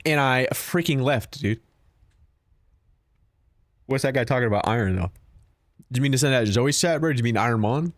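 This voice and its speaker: A man's voice: medium pitch, moderate pace, pauses often, no room sound, studio quality. A man streaming a game, chatting casually and profanely with his viewers, joking and talking back to chat.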